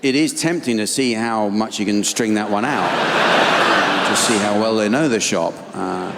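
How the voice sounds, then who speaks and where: Deadpan English stand-up man in a reverberant hall. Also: lowish voice, normal speed, gravelly, heavy background noise. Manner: deadpan, dry and weary. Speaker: stand-up comedian. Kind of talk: live stand-up routine. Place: large theatre stage. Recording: live theatre with long hall reverb. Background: audience laughter and ambience.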